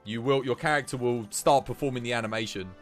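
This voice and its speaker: A man's voice: medium pitch, quick pace, soft background music. A young man chatting and laughing while live streaming a video game. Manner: animated, chatty, laughs often. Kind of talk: live gameplay streaming chat.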